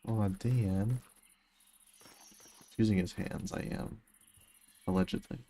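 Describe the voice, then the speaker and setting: A man's voice: lowish voice, steady tone, takes it slowly, mellow. A young man casually chatting on a gaming livestream, reading his chat aloud and answering with joking, self-mocking remarks. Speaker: streamer.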